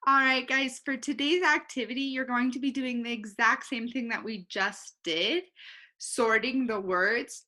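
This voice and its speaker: Slow, bright-voiced woman teaching phonics. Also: fairly high pitch. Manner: slow, clear teacher talk, repeating each word twice. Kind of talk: recorded online phonics lesson.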